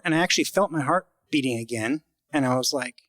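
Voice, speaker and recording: A man telling a true story about his own life in a halting, conversational way, acting out the voices he quotes. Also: on the high side, fairly bright tone, no room sound. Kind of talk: live personal storytelling.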